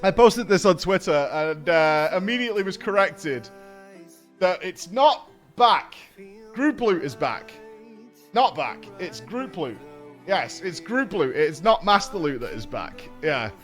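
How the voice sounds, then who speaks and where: Man, streamer, high voice, wildly swinging pitch, profane, sardonic ranting, faint music behind. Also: sing-song, a little slow. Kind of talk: casual reaction stream.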